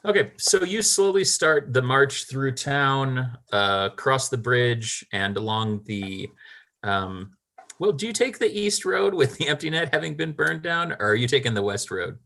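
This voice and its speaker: A man's voice: medium pitch, sing-song, measured pace, creaky, bright, forceful tone. A man narrating a tabletop game as game master, rambling with lots of fillers and small laughs.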